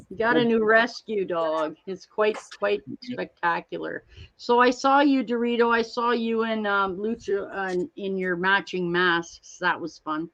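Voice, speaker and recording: Woman host, unhurried rambling chat with viewers, dull lo-fi sound. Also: medium pitch, fairly bright tone. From Canada. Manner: chatty, rambling, reads out and greets viewers by name. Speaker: livestream host.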